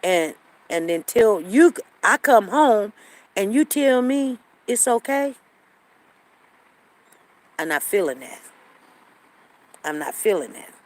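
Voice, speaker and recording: A woman's voice: mid-range voice, very animated, takes it slowly, long pauses, rough recording. A woman, hosting a show and telling a story to her viewers in a casual way, often repeating herself and acting out what others said. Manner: conversational, repeats herself, acts out quoted lines. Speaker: show host.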